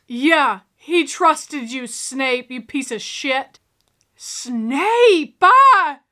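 A woman talks through a film in a high, bright voice. She is animated, exclaiming and joking as she reacts. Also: slow pace. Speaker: reaction video host. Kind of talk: casual reaction commentary.

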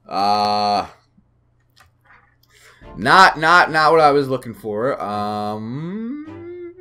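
A young man rambling excitedly through a video game pack opening, full of fillers. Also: medium pitch, drawn-out words, soft background music. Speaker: gaming YouTuber.

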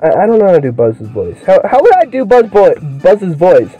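A high-voiced young man with a swooping, lively delivery, cursing nonstop and shouting at a video game. His tone is mellow and soft-edged, and the recording is muffled and lo-fi, with game music under it. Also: fast talker. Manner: excitable, swears constantly, yells at the game. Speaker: gaming video creator. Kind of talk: let's play commentary.

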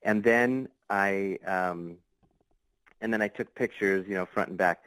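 Low-voiced man telling a rambling story. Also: unhurried, fairly bright tone, clean tone, dry recording, poor audio. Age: adult. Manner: rambling, many fillers and restarts. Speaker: podcast guest. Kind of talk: casual storytelling.

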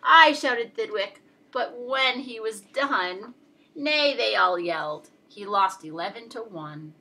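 A woman reading a rhyming picture book aloud in a lively, expressive, sing-song way. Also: mid-range voice, takes it slowly, slightly rough. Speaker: storyteller.

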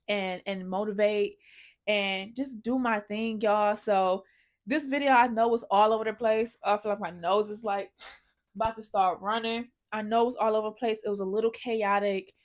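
Emotional, effusive woman vlogger, slightly high voice. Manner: emotional, effusive, swears freely. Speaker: sneaker vlogger. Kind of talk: casual vlog to camera.

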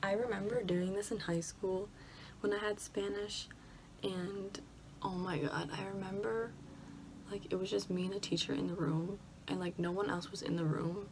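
A college student vlogger with a Michigan accent chats casually in her bedroom, sounding anxious and often dropping to a whisper. Her voice is medium-pitched at a moderate pace, against steady background noise from a lawnmower outside.

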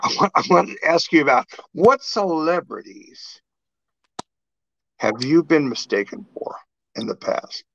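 A middle-aged man hosting a casual chat, an animated storyteller who acts out exchanges. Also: a little high, measured pace, vocal fry, dry recording. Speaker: podcast host. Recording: dull lo-fi sound.

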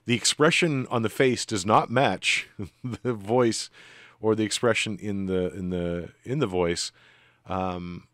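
A man's voice: fairly low pitch, slow pace, a bit bright, no room sound, clean studio sound. A man narrating as game master in a tabletop game, rambling a little with frequent ums. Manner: rambling, with many ums and restarts.

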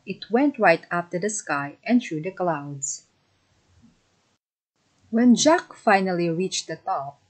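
A woman narrating a children's fairy tale in a slow, simple storybook manner. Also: mid-range voice, slightly rough, rough recording.

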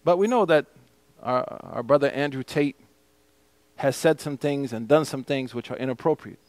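A man's voice: medium pitch, moderate pace, darkish tone, no echo. A man teaching a mosque class as imam. He explains a hadith text in English and recites the Arabic passages.

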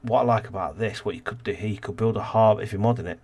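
A man's voice: fairly low pitch, racing, a little mellow, breathy edge. A man casually commentating a city-building game as host, rambling and thinking aloud, tired and yawning. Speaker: let's play host.

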